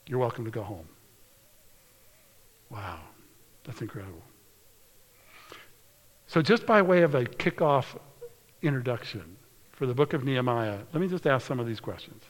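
A man preaching a sermon, reading scripture aloud in an earnest way and slowing down or dropping to a hushed whisper for emphasis. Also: medium pitch, animated. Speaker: pastor. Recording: long hall reverb.

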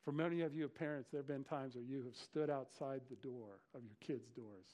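A male pastor giving a conversational sermon, retelling scripture with lively slang asides. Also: mid-range voice, brisk. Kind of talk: expository sermon.

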